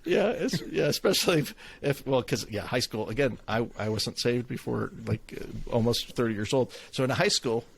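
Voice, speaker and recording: A man's voice: medium pitch, expressive, normal speed, vocal fry, hardly any pauses, slightly rough. A man in his forties co-hosting a casual podcast, rambling with restarts and laughs. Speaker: podcast co-host.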